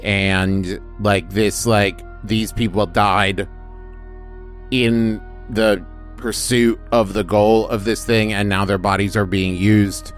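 A man's voice: fairly low pitch, level tone, takes it slowly, soft background music. A man playing a tabletop game, talking casually as a player.

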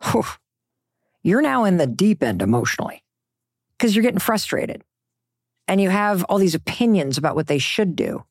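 A woman's voice: lowish voice, sing-song, normal speed, pauses often, no room sound, studio quality. A middle-aged woman giving a motivational talk, emphatic and conversational, sometimes dropping into a whisper for effect. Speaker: motivational speaker.

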